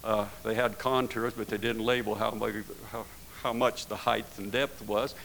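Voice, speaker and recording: A man's voice: lowish voice, steady tone, moderate pace, creaky, a bit bright, slight background noise, rough recording. A man preaching a sermon in a folksy way, often ending his points with tag questions and rising into emphatic bursts.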